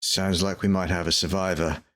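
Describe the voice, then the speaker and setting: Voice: deep voice, little pitch movement, normal speed, fairly bright tone. A player in a tabletop role-play game, making dry jokes at the table. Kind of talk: casual table talk.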